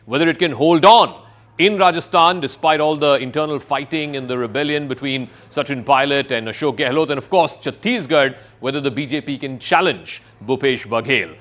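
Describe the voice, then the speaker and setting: A man anchoring a live studio news broadcast, brisk and questioning as he introduces guests. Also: medium pitch, fairly bright tone.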